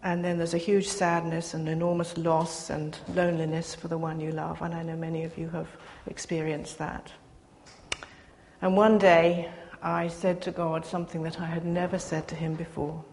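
An older woman giving a personal testimony to a gathering, speaking earnestly with pauses and restarts. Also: deep voice, flat delivery, darkish tone. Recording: reverberant hall, faint background noise.

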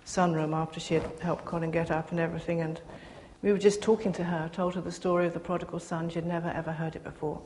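An older woman giving a personal testimony to a gathering, speaking earnestly with pauses and restarts. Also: on the low side, little pitch movement, darkish tone. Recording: reverberant hall, faint background noise.

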